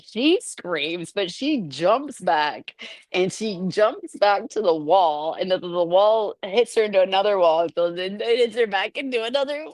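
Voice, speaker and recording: Animated woman telling a funny story. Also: mid-range voice, a little slow, no echo. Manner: animated, laughing, acts out quotes. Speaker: podcast guest. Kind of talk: casual storytelling chat.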